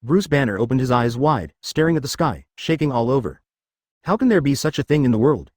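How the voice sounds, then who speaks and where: A man's voice: medium pitch, big pitch swings, fairly quick, darkish tone, no echo, clean studio sound. A man reading a web novel aloud as narrator, dramatic with stiff translated phrasing.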